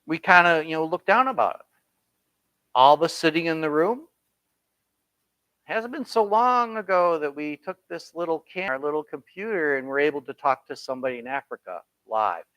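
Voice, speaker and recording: New guy teaching bible study, bright voice, kinda high, lots of "you know" and "right?" asides. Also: expressive, moderate pace, no echo, low-quality recording. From New York. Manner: conversational, folksy asides and rhetorical questions. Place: church Bible study room. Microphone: computer streaming the class.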